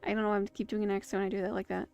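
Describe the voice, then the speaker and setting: A woman's voice: mid-range voice, completely flat delivery, very fast, vocal fry, a little mellow, smooth, soft background music. A woman streaming a movie watch-along, chatting casually with rambling asides and self-interruptions. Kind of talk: casual live commentary. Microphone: streaming setup.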